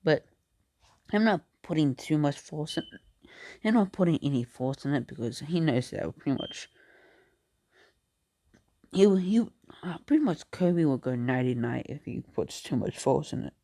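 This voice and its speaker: A man casually making up and telling a fan story, halting and rambling with many restarts. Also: fairly high pitch, expressive, warm tone, no echo, clean studio sound.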